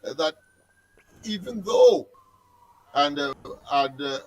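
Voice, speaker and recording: A man's voice: fairly high pitch, fairly even intonation, slow pace, low-quality recording. A man talking on a radio program in a pompous, wordy and formal way.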